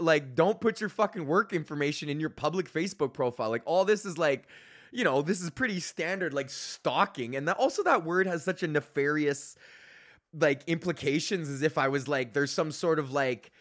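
A young man, hosting a podcast in a casual, profane rant, animated and mocking the people he quotes. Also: on the high side. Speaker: podcast host.

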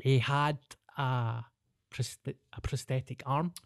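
A man's voice: mid-range voice, fairly even intonation, slow, vocal fry, clean tone, no echo, clean studio sound. A young man with a Glaswegian accent, co-hosting a podcast and telling a story in casual chat, swearing freely and laughing through it. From Scotland. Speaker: podcast host.

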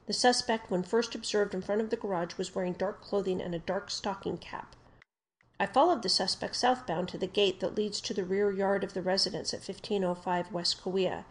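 A woman reading an official police report aloud in a steady, formal narration. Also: medium pitch. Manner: steady, formal delivery that gets louder on quoted shouts.

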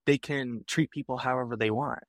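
A man's voice: medium pitch, fairly even intonation, a little fast, no echo, clean studio sound. A young adult man, a podcast guest, telling casual stories and animatedly acting out the people he quotes. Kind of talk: casual storytelling.

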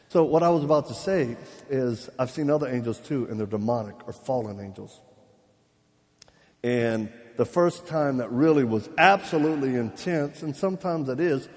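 A man preaching a live sermon, telling stories with jokes, laughing at himself and acting out the voices of people he quotes. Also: mid-range voice. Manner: lively, joking, acts out quoted voices; laughs at his own jokes. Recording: long hall reverb.

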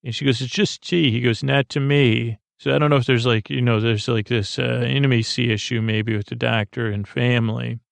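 A man hosting a podcast, recapping an episode in a halting, low-key way with many fillers. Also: steady tone, creaky, no room sound. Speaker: podcast host.

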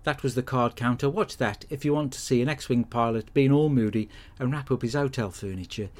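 A man's voice: medium pitch, a little fast, a little mellow. A middle-aged man, giving a blunt, sweary comic monologue as podcast host. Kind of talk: comic monologue with film recap.

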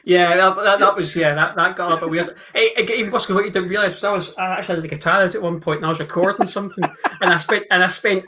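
Bright, rambling Scottish man. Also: high-pitched, fairly even intonation, fast talker. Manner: rambling, stammering, swears, jokey. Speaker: podcast co-host. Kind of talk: casual live podcast chat.

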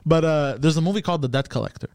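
A man's voice: fairly high pitch, racing, gravelly, a little mellow, no echo. A man co-hosting a podcast, telling a long dream story in casual chat, with lots of fillers and restarts. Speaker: podcast co-host.

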